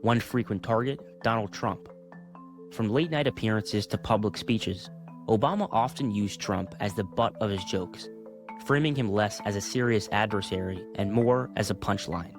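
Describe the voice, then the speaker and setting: A man narrating a documentary from a script, in a lowish voice. His delivery is smooth and even. Faint music plays behind him. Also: normal speed.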